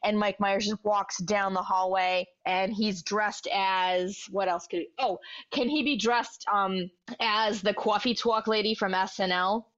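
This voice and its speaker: A woman's voice: mid-range voice, fairly even intonation, unhurried, fairly bright tone. A young woman, a podcast co-host, spinning a long comic story in casual chat. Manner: rambling, storytelling, laughing. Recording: dull lo-fi sound.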